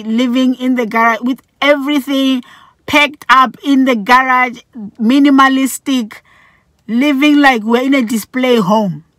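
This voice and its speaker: Lively woman from Botswana telling a story. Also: on the high side, no room sound. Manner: animated storytelling with acted-out quotes. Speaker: vlogger. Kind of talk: storytime vlog.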